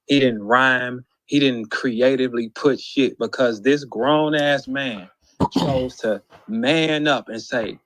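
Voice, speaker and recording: Ranting slowly in a mid-range voice, a battle rap commentator curses, scoffs incredulously, and shouts the bars he's quoting. The audio is close and dry, with no echo.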